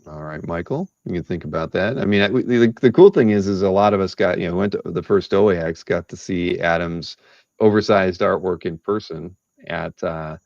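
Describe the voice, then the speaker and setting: A man's voice: deep voice, normal speed, gravelly, darkish tone, no room sound, highs cut off. A man hosting a live art-sale stream, chatting casually and rambling with many restarts.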